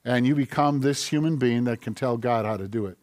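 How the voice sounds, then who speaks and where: A male pastor preaching a conversational sermon in a church, building up to forceful questions. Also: medium pitch, a little fast.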